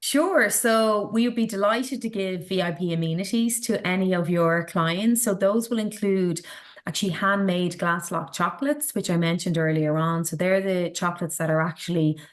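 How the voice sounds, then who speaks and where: A woman's voice: on the low side, moderate pace. A woman with an Irish accent, a sales and marketing director chatting in an interview, who explains with examples and laughs easily. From Ireland. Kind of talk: casual interview chat.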